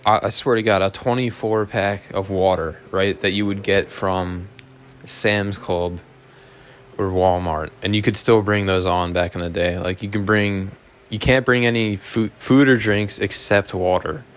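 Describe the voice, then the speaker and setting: A man's voice: deep voice, fairly even intonation, measured pace. A man telling a rambling, profane story in a casual, self-mocking way, like a podcast host.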